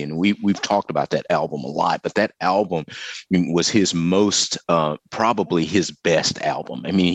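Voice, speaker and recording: A man co-hosting a talk show, speaking earnestly with halting restarts. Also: deep voice, dry recording. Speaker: co-host. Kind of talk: conversational radio talk.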